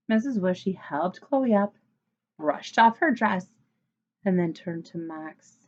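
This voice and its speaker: A woman reading a children's chapter book aloud in an expressive way. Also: on the low side, slow pace, muffled recording. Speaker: storybook reader.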